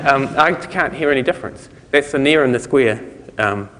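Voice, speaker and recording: With a mid-range, slightly bright voice, a New Zealand-accented man gives a loose, self-correcting technical talk on speech recognition, chuckling now and then, as a conference speaker. There's a little hiss or hum, plus long hall reverb.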